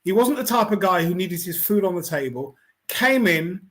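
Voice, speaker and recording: A middle-aged man from England gives a reflective talk to his online viewers. His voice sits a little higher than most men's. He speaks in an unhurried, conversational way, full of fillers and restarts. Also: expressive, fairly bright tone. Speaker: host of a weekly online talk. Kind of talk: reflective pastoral talk to camera.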